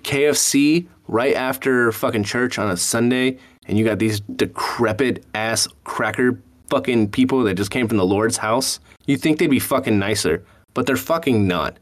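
A man co-hosting a podcast, telling crude fast food stories in casual chat. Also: mid-range voice. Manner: profane, storytelling, laughs often. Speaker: podcast co-host.

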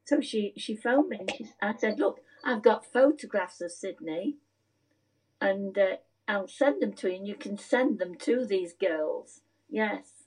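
An older woman telling a rambling family story in a casual chat. Her voice is breathy and a little husky, at a middle pitch, and she often pauses to search for words. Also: darkish tone, poor audio. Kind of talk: casual conversation, reminiscing.

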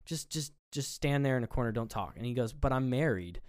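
A man's voice: mid-range voice, quick pace, no echo, studio quality. A man co-hosting a casual movie review podcast, retelling scenes with acted-out lines and frequent swearing. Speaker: podcast co-host.

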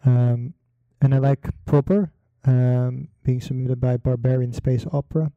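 A man hosting a casual solo talk, rambling with many fillers and pauses in a relaxed delivery. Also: medium pitch, dry recording, narrow, tinny audio. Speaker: podcast host.

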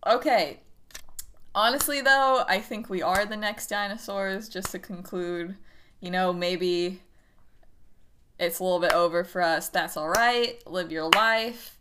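A young woman co-hosting a podcast in relaxed chat, speaking slowly and unhurriedly. She is playful, laughing often and swearing, with a faint hiss behind her voice. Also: mid-range voice. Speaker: podcast co-host. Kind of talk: casual chat.

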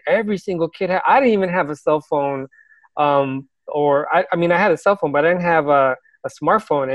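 Male teacher, earnest storyteller, slightly high voice, dry close sound. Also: dry recording, dull audio. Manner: earnest, reflective, laughs now and then. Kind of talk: casual personal storytelling.

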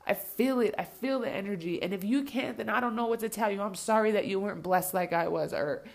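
A woman speaking in a fiery, heavily profane rant, blunt and insistent. She keeps circling back to her points to drive them home. Her voice sits at an ordinary middle pitch. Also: fairly quick, gravelly. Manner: repeats herself for emphasis. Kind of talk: impassioned spoken rant.

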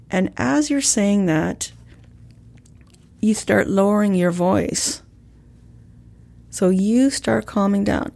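A woman coaching on calming an angry person, talking in a calm, measured way and acting out sample lines. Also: medium pitch, creaky. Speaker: communication coach. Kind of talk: instructional talk with role-play examples.

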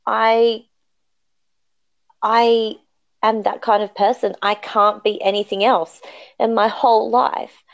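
A woman's voice: fairly high pitch, flat delivery, slow, vocal fry, pauses often, dry recording, highs cut off. A woman guest in a podcast interview, telling a personal story in an earnest, reflective and emphatic way.

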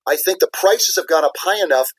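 A man's voice: on the high side, animated, brisk, breathy edge, no echo, rough recording. A man, a business leader and former CFO, answering interview questions in an earnest, explanatory way, repeating key words for emphasis.

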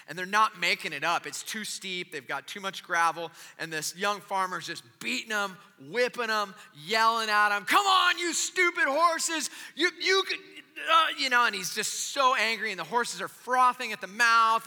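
Male pastor telling a story in a sermon, sharp bright voice, echoey big room. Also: sits high. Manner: animated, drops to soft gentle tones.

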